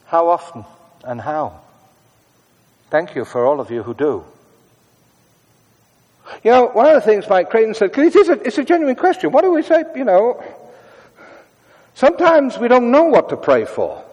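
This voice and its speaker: A man preaching a sermon in a conversational way, moving between brisk asides and hushed, prayerful tones. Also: sits high, big pitch swings, in a large hall.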